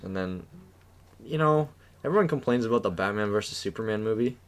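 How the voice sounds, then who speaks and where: Lowish-voiced man ranting casually. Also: lively intonation, brisk, smooth. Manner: ranting, swears freely, bursts into loud outbursts. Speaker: podcast co-host. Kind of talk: casual chat.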